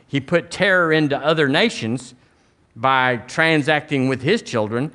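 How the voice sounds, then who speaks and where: A man's voice: medium pitch, a little slow, a bit bright. A man with a Southern US accent preaching a sermon as pastor, emphatic, with folksy asides and little acted-out quotes.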